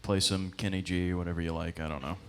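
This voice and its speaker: Rambling young stand-up comic. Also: male voice, low voice, little pitch movement, fast talker, a bit bright, slight background noise. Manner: rambling, self-deprecating, with frequent fillers and laughs. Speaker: stand-up comedian. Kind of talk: stand-up comedy set. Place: comedy club stage.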